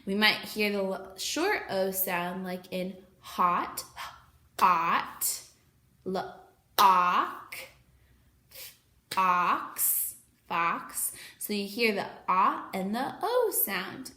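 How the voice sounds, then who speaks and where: A woman teacher giving an online lesson to young children, slowly and clearly sounding out letters and words. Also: medium pitch, expressive, pushed and bright, echoey room.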